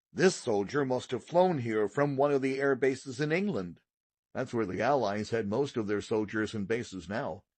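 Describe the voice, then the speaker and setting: A man narrating a children's audiobook, with steady, expressive read-aloud storytelling. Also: mid-range voice, dry recording. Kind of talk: scripted narration.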